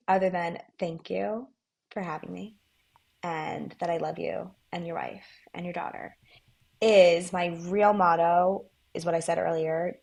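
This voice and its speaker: A woman with a lowish, gravelly voice talks casually as a podcast guest. She is relaxed and direct, with easy laughter between her points. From New York area, United States. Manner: relaxed, laughs easily, plainly spoken. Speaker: guest, co-founder of a clothing brand. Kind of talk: casual interview chat.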